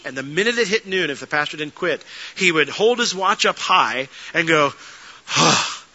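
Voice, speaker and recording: A man pastor delivering a sermon, telling stories with lively energy and dropping to soft earnest tones. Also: fairly high pitch, dull audio. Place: church sanctuary.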